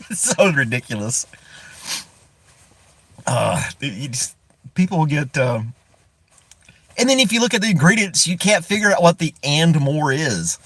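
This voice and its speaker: A man's voice: sits high, a bit bright, husky, dry recording. A man from the United States hosting a casual live stream from inside a parked car. He rambles, chuckles often and greets viewers by name.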